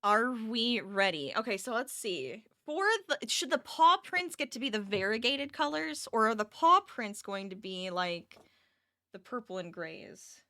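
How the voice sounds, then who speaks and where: Bright-voiced woman chatting on a crochet stream. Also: a little high, animated, unhurried, no room sound, clean studio sound. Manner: chatty, laughs often, reads chat aloud. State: tired. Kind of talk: casual live-stream chat. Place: home office.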